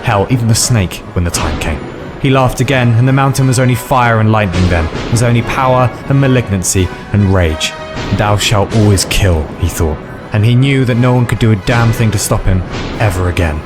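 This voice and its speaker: A man's voice: mid-range voice, fairly quick. A man narrating a scripted fantasy story in a wry, dramatic way. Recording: faint background music.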